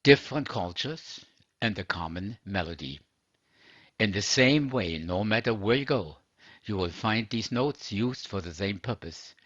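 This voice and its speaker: A man reads a sermon in a measured, earnest way. His voice sits low and husky. The recording is dry and dull. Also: lively intonation, fairly bright tone, no room sound. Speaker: religious teacher. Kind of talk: scripted sermon narration.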